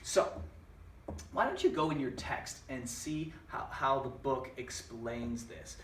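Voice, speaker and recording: A man's voice: mid-range voice, slow, far from the mic, a little hiss or hum. Patient male Spanish teacher, echoey room. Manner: patient, repetitive explaining with spelled-out examples. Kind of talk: recorded classroom lesson.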